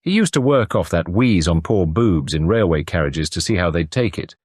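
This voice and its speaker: A man doing a gossiping crime reporter, pub chatter, low lively voice, dry. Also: normal speed, slightly rough, no echo.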